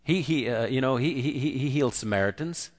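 A man's voice: mid-range voice, brisk, in a large hall. A man preaching a conversational sermon and acting out the quoted voices. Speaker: pastor.

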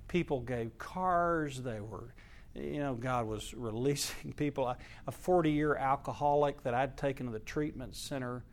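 A male pastor, preaching earnestly in story form, his voice swelling to emphatic peaks and dropping low and soft. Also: unhurried, a little hiss or hum. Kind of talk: sermon storytelling.

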